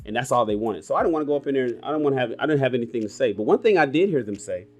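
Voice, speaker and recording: A man in his forties hosting a casual livestream podcast, telling stories in a blunt, animated and profane way. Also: medium pitch, rapid-fire, faint music behind. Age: 40s. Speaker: podcast host.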